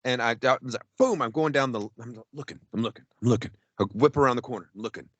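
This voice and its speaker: A man's voice: mid-range voice, fast talker, hardly any pauses, dry recording. A man co-hosting a podcast, telling a rambling story in casual, profane chat and acting out his own quotes. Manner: animated, profane, acts out quotes. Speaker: podcast co-host.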